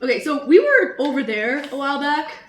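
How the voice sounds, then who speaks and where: A woman playing a tabletop game, animated and quick to laugh. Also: high-pitched, reverberant. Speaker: player.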